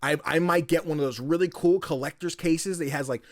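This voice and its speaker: A man co-hosting a podcast in casual chat, animated and laughing often. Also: on the high side, a little fast, no echo, clean studio sound. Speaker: podcast co-host.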